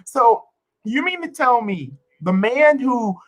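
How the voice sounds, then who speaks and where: A woman's voice: a little high, expressive, slow, poor audio. A woman streamer ranting to her chat in an exasperated, profane way, repeating herself for emphasis. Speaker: wrestling streamer. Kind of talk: livestream rant to chat.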